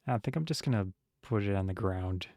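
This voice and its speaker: A man's voice: fairly low pitch, expressive, brisk, a little mellow, no echo, studio quality. A man playing a cleric in a tabletop game, chatting casually and thinking aloud. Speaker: player.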